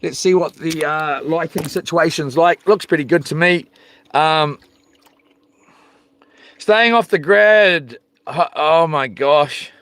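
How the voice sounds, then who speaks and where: A man's voice: on the high side, steady tone, a little slow, a bit bright, no room sound. A man hosting a casual live stream outdoors by the sea at night, rambling and hesitant with many ums. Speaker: channel host live-streaming.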